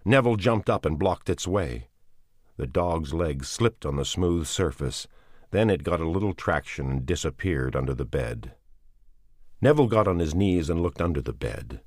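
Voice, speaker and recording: Male audiobook narrator, extremely deep voice, measured and expressive, dry close sound. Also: dry recording. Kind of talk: dramatic audiobook reading.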